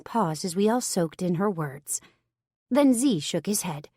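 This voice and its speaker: A woman narrating a first-person romance audiobook in a steady, wry storytelling manner. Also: on the low side, unhurried, slightly rough, no echo, clean studio sound.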